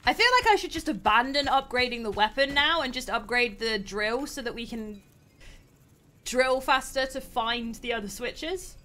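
A young adult woman hosting a live game stream, commentating excitedly and laughing often. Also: a little high, normal speed. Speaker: streamer host.

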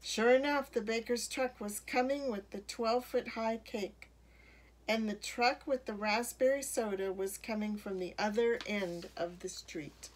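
Slow, expressive woman reading a storybook. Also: a little high. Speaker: children's book reader. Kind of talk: reading a picture book aloud.

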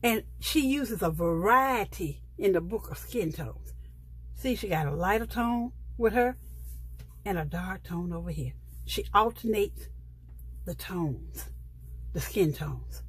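A middle-aged woman talks her viewers through a sticker book. Her voice is soft and a little husky, and she speaks in an unhurried, chatty way. She gushes over each page. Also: mid-range voice, lively intonation. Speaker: planner vlogger. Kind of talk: casual show-and-tell of a sticker book.

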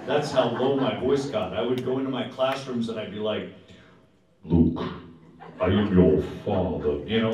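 A man's voice: mid-range voice, darkish tone. A man, a singer and entertainer, chatting between songs at a live show with jokey, self-mocking banter. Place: performance hall. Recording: echoey hall, distant mic, live music.

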